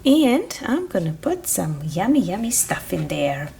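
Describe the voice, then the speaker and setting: Young woman, kids' toy narration, very lively sing-song, animal noises, faint background hiss. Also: medium pitch, measured pace, vocal fry. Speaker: toy-play narrator for children. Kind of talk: playful narration of a toy farm for kids.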